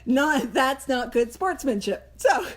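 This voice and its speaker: A woman hosting a recovery book study, explaining the reading in a casual, animated way and acting out little voices and jokes. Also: high voice, takes it slowly. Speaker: host of a Big Book study. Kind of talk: casual teaching talk.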